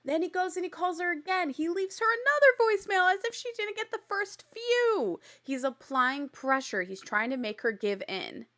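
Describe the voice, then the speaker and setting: A woman hosting a recap show, telling the story in a chatty, blunt way with casual swearing and animated exasperation. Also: very high voice, moderate pace, hardly any pauses. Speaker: podcast host recapping a reality show.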